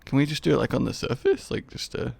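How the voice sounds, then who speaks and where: A man co-hosting a gameplay video, animated and jokey, bursting into high laughs. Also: fast talker, vocal fry, husky, dry recording. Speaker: gaming channel co-host. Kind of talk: casual gameplay banter.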